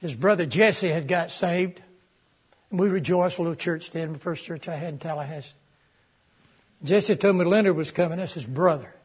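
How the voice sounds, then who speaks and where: A pastor telling a story in a sermon, in a folksy, animated way with touches of humor. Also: male voice, a little high, normal speed, slightly rough.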